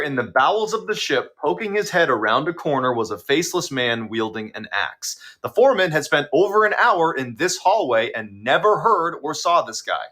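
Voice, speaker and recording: A man's voice: a little high, pushed and bright. A man narrating short scary stories in a scripted, dramatic storytelling style.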